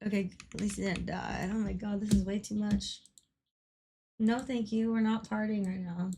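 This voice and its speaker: A woman livestreamer giving excitable live gaming commentary, swearing a lot and laughing often. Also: mid-range voice, normal speed, gravelly, a little hiss or hum.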